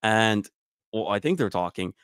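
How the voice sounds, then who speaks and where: A man's voice: fairly low pitch, expressive, normal speed, fairly bright tone, clear, resonant tone, dry recording, clean studio sound. A young man co-hosting a comedy podcast, telling a story in a laid-back way and correcting himself. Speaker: podcast co-host. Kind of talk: casual storytelling chat.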